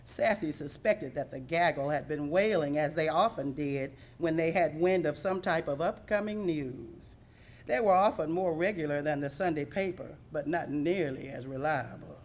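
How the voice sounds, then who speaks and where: A woman reading a children's storybook aloud in an expressive, measured way. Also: low-pitched. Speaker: reader.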